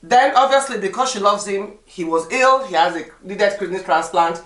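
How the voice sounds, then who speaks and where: A woman, a podcast guest telling stories in lively, emphatic casual chat. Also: medium pitch, moderate pace, recorded from a distance. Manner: animated, lively storytelling with emphatic repetition. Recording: echoey room.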